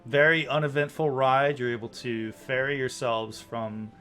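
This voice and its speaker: Relaxed man narrating a tabletop game. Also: medium pitch, moderate pace, soft background music. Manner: relaxed, chuckling narration with fillers. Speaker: game master.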